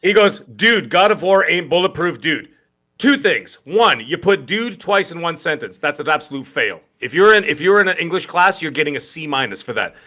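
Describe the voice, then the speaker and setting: Man, podcast co-host, casual chat, animated, bright tone. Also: on the high side, fairly quick, hardly any pauses. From Canada. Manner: animated, joking storyteller.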